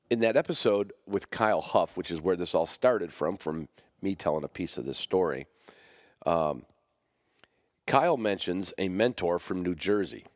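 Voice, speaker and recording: A man's voice: low voice, dry recording, studio quality. A middle-aged man hosting a podcast, telling a rambling, self-correcting story with wry asides. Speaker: podcast host. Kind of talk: casual storytelling.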